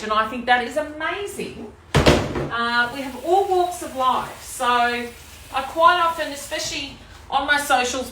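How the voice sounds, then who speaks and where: High-pitched and a bit bright, her voice reverberates around the room. She's an Australian-accented cooking demonstrator and team leader, chatting to viewers as she cooks on a live home kitchen stream.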